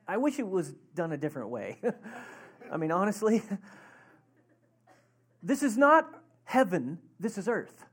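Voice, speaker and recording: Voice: mid-range voice, breathy edge. A pastor giving a sermon in a loose, conversational style. The delivery wanders into side stories and keeps an easygoing, talkative feel. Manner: conversational, rambling storytelling with laughs.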